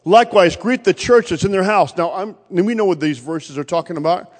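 A man preaching a sermon in a church, moving between loud declarations and quiet storytelling. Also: high voice, brisk, long reverb tail. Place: church sanctuary.

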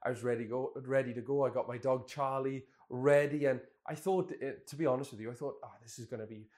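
A man's voice: medium pitch, steady tone, brisk, a little mellow. A man in his twenties, a pastor telling a candid, self-deprecating personal story in a sermon. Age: 20s.

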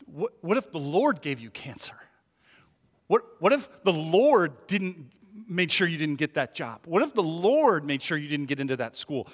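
A male pastor preaching a conversational sermon. He swings from hushed asides to loud, emphatic peaks and asks the congregation many rhetorical questions. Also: fairly high pitch, sing-song, moderate pace. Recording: long hall reverb.

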